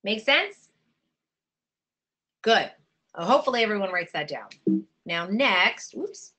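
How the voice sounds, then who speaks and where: Bright-voiced energetic woman coach. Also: medium pitch. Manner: energetic, conversational, coaxing. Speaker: business coach for travel agents. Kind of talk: live online teaching session.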